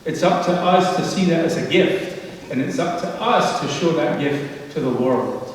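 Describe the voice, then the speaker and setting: A male pastor delivering a sermon, telling a story with pauses and gentle emphasis. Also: on the high side, slight background noise. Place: church sanctuary. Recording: echoey sanctuary from a distance.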